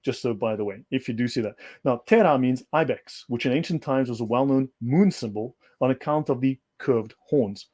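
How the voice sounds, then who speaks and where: A man's voice: medium pitch, normal speed, few pauses, a little mellow. Guest on a livestream: an emphatic man who lectures and circles back to repeat his points, mid-range voice. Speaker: guest speaker. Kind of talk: livestream discussion.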